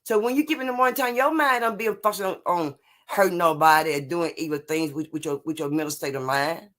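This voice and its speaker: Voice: medium pitch, quick pace, fairly bright tone. A live stream host giving a casual motivational talk, rambling and repeating themselves, constantly checking in with "you know what I'm saying" and answering viewer comments. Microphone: streaming setup.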